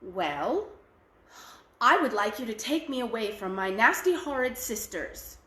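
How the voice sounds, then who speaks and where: Woman doing a soft-spoken storybook girl. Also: fairly high pitch, very animated, unhurried, roomy sound, exaggerated voice. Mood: modest. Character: gentle young girl with two eyes.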